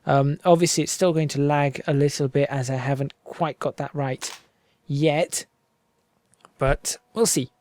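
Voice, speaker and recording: A man talks through his gameplay in an easygoing, rambling way, narrating each little step out loud. His voice sits a touch higher than most men's. The sound is dry and close, from a desk microphone at home. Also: level tone, normal speed, no echo. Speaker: gaming video creator. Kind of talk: casual gameplay commentary.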